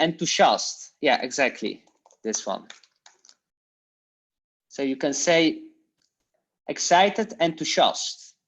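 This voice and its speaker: Slow, patient male language teacher. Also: mid-range voice, fairly bright tone. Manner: slow, repeats Dutch phrases for learners, hesitant fillers. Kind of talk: informal language lesson.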